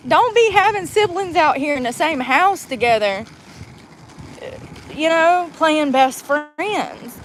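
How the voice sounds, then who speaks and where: A woman's voice: extremely high pitch, animated, unhurried, pauses often, slight background noise, rough recording. A woman in her forties chatting casually while driving, rambling and laughing through her words. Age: 40s. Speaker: vlogger. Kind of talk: casual chat.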